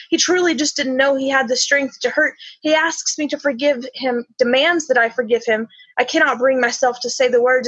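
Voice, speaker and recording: High, husky woman reading spoken word. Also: fairly bright tone, no room sound. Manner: slow, measured, halting delivery. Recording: dull, slightly lo-fi sound.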